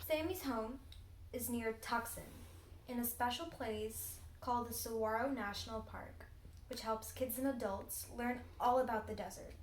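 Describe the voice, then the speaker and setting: A teenage girl reads a children's storybook aloud, expressive and deliberate. Her voice is fairly high. The recording is roomy and echoey, with a faint hum behind it. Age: teens. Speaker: storybook reader. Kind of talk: children's read-aloud narration.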